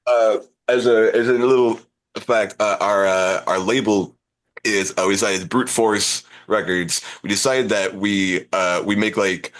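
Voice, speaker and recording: A man's voice: fairly low pitch, fairly even intonation, a little slow, a bit bright. A man, a guest musician on a podcast, explaining in a rambling, self-deprecating way how his band records. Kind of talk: casual podcast chat.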